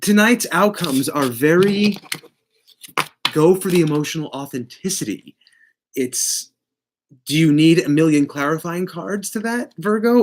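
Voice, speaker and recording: A man giving a casual live tarot reading, blunt and profane, with big swings in pitch and loudness. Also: a little hiss or hum. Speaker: tarot reader.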